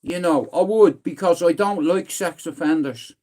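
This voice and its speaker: A man's voice: a little high, moderate pace, a little mellow. A middle-aged man with a Dublin Irish accent, hosting a livestream in a blunt, rambling, sweary way. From Ireland. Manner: rambling, blunt and sweary, repeatedly saying "listen". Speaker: livestream host. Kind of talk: casual livestream chat.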